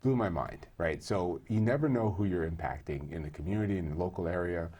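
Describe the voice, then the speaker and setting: A man with a low, slightly husky voice speaks as an interview guest. He talks earnestly and conversationally, slipping into stories and restarting his sentences as he goes. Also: a little fast, dark tone. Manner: earnest, storytelling, many fillers and restarts. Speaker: guest, employee group co-leader.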